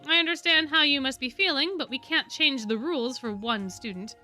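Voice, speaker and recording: A woman's voice: sits high, pushed and bright, soft background music. Woman reading as a stern, firm male teacher. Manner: measured, firm.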